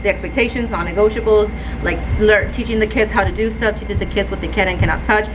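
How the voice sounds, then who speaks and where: A woman, a fourth-grade teacher, vlogging from her classroom with a phone, animated and laughing often, audibly stressed and frustrated. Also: mid-range voice, fast talker, noisy background. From Texas. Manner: animated, laughs often, keeps addressing viewers as y'all. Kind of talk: casual classroom vlog. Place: indoor school classroom.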